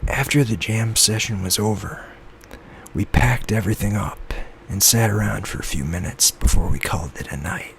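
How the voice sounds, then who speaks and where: Soft-spoken man with a gravelly voice. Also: normal speed. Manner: soft, low-key reading that slips into whispers. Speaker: author reading his own novel. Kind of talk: soft-spoken ASMR reading. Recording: lo-fi with faint background noise.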